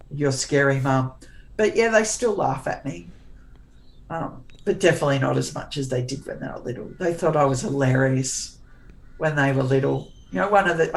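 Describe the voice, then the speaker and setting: A middle-aged woman with a low voice, chatting as an interview guest. She is blunt and sarcastic, and she often circles back and restarts her sentences as she talks. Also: vocal fry, darkish tone, rough recording. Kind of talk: casual conversational interview.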